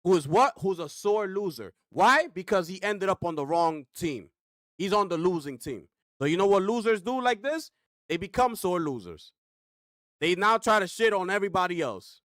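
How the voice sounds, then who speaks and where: A man's voice: sits high, sing-song, normal speed, fairly bright tone, no echo, studio quality. A man reacting to a clip on a gaming stream, ranting with rhetorical questions and slang.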